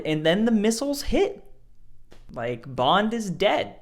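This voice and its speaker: A man with a slightly high voice talks through a film review in a loose, chatty way. He sounds excited, fills his sentences with "like," and acts out scenes with little noises. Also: moderate pace. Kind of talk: casual spoken movie review.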